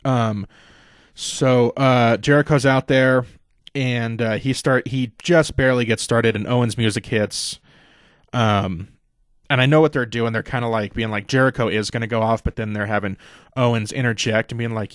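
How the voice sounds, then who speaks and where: Young male podcast host, mid-pitched, rambling and profane, dry close sound. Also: steady tone, normal speed, dry recording. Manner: rambling, profane, acts out quotes in a higher voice. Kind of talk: casual wrestling recap.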